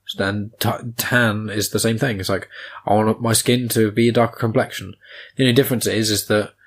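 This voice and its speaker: Blunt young man, fairly low voice. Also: fairly even intonation, brisk. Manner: blunt, opinionated, swears casually. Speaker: podcast host. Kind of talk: casual chat.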